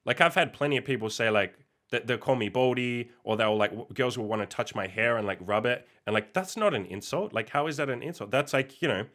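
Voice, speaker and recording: A man's voice: medium pitch, sharp tone. A young man hosting a casual podcast monologue, reacting with exasperated, incredulous, sweary outbursts. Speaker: podcast host reacting to a post.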